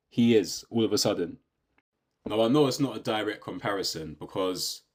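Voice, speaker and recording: British man, low voice, casual opinionated rant, rhetorical questions, conversational. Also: a little mellow. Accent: British English. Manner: conversational, rhetorical questions, says "do you know what I mean" often. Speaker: YouTube commentator.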